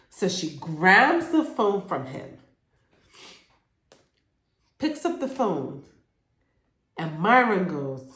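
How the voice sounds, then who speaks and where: Woman, casual TV recap, lively swooping pitch, echoey room. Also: takes it slowly, pauses often. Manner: animated, acts out characters' lines in quotes. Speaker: YouTube show reviewer.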